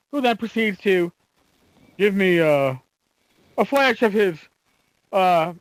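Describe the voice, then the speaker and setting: High-voiced animated podcast man. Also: no room sound, poor audio. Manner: animated storyteller, halting with fillers. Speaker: podcast co-host. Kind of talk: casual chat.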